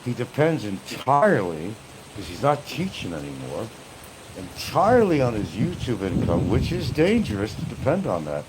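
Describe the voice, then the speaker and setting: A man's voice: lowish voice, huge pitch swings, normal speed. Male livestream host, casual and profane, voice swinging up and down, faint noise behind. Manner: profane, laughing along, loose and rambling. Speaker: livestream host reading chat. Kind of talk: casual rambling chat.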